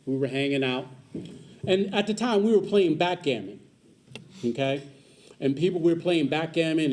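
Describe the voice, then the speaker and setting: A man's voice: sits high, darkish tone. A man giving a public speech at a community celebration, telling a personal story with joking asides to the audience and repeating his key points. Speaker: guest speaker at a community celebration.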